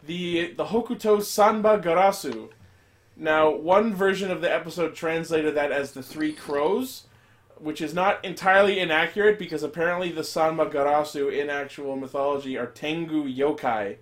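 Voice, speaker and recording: A man's voice: on the high side, moderate pace. A man casually recapping a show episode, rambling and swearing, acting out quoted lines. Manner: rambling, profane, animated retelling with quoted voices. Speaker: podcast host recapping an episode. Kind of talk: casual chat.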